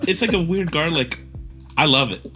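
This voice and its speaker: A man's voice: fairly high pitch, normal speed, over loud music. A man co-hosting a podcast in casual chat, teasing and laughing often. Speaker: podcast co-host.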